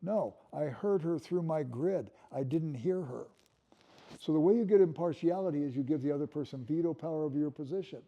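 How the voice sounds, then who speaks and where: Older man, lecturer, deep mellow tone, relaxed rambling classroom delivery. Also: a little fast, highs cut off. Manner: musing, repeats words as he restarts.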